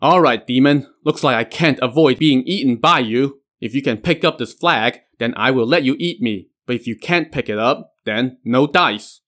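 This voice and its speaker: A man voicing a commanding old male sage who taunts and then shouts at a demon. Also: mid-range voice, normal speed, hardly any pauses, lightly acted. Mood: bold.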